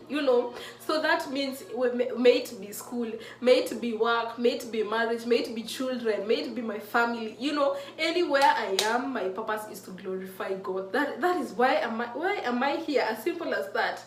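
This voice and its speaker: A mid-20s woman with a fairly high voice and moderate pace shares her faith in a casual, heartfelt vlog to camera. She's earnest and emotional and keeps restarting what she says. The mic is distant and the room echoes.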